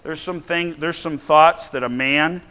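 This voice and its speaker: This preacher's voice is fairly high, pushed and bright, and he moves at a measured pace. Standing before a responsive church congregation, he talks bluntly and conversationally, often checking in by asking "right?".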